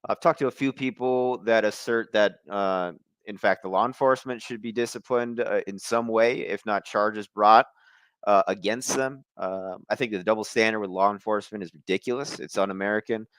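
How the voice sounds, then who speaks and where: A man reporting as a podcast guest in a measured, thoughtful way. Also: fairly low pitch, steady tone, fairly bright tone, clean tone, no echo. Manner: measured, thoughtful, chuckles now and then. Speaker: field reporter. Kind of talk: casual podcast interview.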